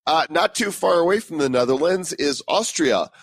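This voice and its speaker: A man's voice: on the high side, lively intonation, normal speed, hardly any pauses, slightly rough, no echo. A man co-hosting a casual podcast, joking with his partner and reading listener reviews aloud. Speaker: podcast co-host.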